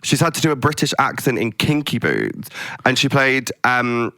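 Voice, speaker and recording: A man hosting a podcast in casual chat, animated and playful as he spins funny scenarios. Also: mid-range voice, normal speed, no echo. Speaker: podcast host.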